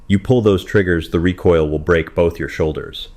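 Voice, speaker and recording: A cruel outlaw boss, as a male narrator puts him on drawls each word slowly and with open contempt. His voice sits low and deep in the chest, and he sounds unhurried and menacing in this storybook reading. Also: darkish tone. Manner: slow, sneering drawl.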